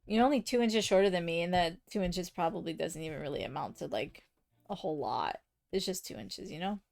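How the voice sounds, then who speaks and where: A woman with a noticeably gravelly, fry-laden voice chats with her viewers as she draws on a live stream. She teases herself about her mistakes and talks straight to her chat. Her voice often sinks into low mutters while she concentrates. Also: animated, fairly quick. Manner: chatty, self-mocking, talks to her chat; often drops to quiet muttering while working. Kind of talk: casual chat while drawing.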